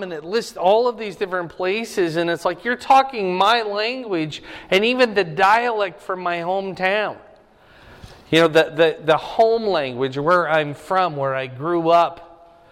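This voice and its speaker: A man's voice: on the high side, a bit bright, smooth. A middle-aged man preaching a Bible lesson in a conversational way, asking his listeners questions. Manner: conversational, asks the audience questions. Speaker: pastor. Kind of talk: Bible teaching to a congregation. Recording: long hall reverb.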